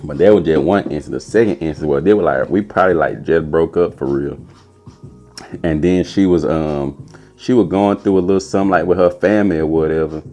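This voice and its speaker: A young man telling a casual, animated story as a podcast host, putting on a high voice for quotes. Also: a little fast, faint music behind.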